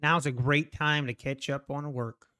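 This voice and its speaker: A man's voice: fairly high pitch, fairly even intonation, a little slow, bright, forceful tone. A man hosting a live trading stream, chatting casually with viewers, sighing and teasing, out of breath. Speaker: trading livestream host. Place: home.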